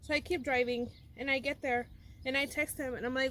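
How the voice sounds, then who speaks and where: A woman's voice: high voice, steady tone, fairly quick, fairly bright tone. A young woman vlogger telling a personal story in a casual, rambling way with many fillers and restarts.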